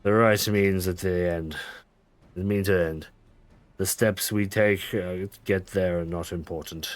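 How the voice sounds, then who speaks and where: A man's voice: sits low, steady tone, measured pace, soft background music. A man streaming a game, reading the dialogue aloud with frequent stumbles, self-corrections and laughs. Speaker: gaming streamer.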